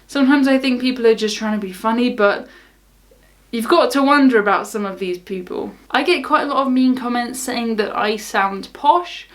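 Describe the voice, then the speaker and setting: A young woman from the south of England speaks in a casual, wry vlog style, shrugging off criticism. Her southern English accent is clear, and her voice sits slightly high. She sounds unbothered and easygoing. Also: normal speed. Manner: wry, unbothered, laughs things off. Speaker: cruise vlogger. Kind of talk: casual talk to camera.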